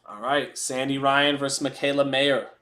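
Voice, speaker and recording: A man's voice: mid-range voice, flat delivery, normal speed, sharp tone. A man hosting a live fight watch party, chatting casually, answering viewer chat and making blunt, profane jokes. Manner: blunt and profane with joking asides. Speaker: livestream host.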